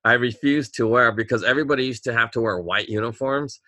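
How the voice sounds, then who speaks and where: A man's voice: mid-range voice, fast, bright, forceful tone, no room sound. A man, rambling through stories in casual chat, drawing words out and laughing often.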